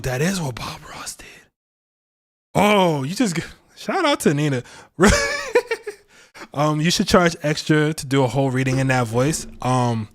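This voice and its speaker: Male tarot streamer, mid-range voice, loose and slangy, jokes and laughs between points. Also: mid-range voice. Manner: playful, slangy, laughs often. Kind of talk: casual livestream tarot talk.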